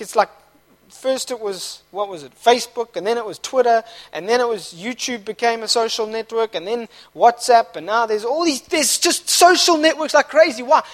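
A young man preaching a sermon at a church service, impassioned, dropping quiet and then rising to shouts. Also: extremely high pitch. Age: young adult.

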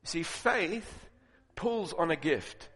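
A man preaching a sermon, telling stories and building to loud, emphatic points. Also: fairly high pitch, expressive, extremely slow, breathy edge. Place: large auditorium with audience. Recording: long reverb of a large hall.

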